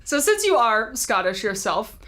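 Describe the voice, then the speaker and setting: A woman's voice: on the high side, sing-song, unhurried, fairly bright tone. A woman interviewer asking scripted questions in an upbeat, direct way.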